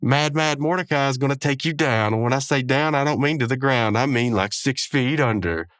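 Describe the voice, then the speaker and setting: A man's voice: mid-range voice, fairly quick, fairly bright tone, dry recording, clean studio sound, pitched above the performer's own voice, lightly acted. A man voicing a cocky young male cartoon bird wrestler, delivering hammy wrestling-promo boasts. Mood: boastful.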